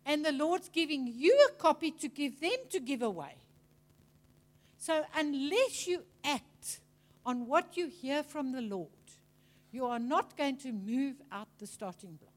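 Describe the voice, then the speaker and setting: High-voiced woman preacher. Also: measured pace. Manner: chatty, animated storytelling with mimicry. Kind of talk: teaching sermon.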